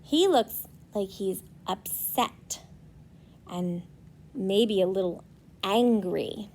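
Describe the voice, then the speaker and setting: A young woman, a preschool teacher, reading a storybook aloud to children and gently asking them questions. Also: mid-range voice, drawn-out words.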